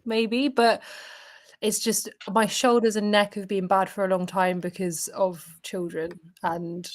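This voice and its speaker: A woman in her thirties talks haltingly, full of ums and self-corrections, as a guest on a call. Her voice has an ordinary pitch for a woman. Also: little pitch movement. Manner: hesitant, many fillers and restarts. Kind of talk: casual chat.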